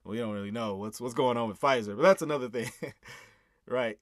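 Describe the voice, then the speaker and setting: Speaking fast in a mid-range voice, a man casually breaks down his own song, earnestly making points and tagging them with "right?" between chuckles. The recording is studio quality with no room sound.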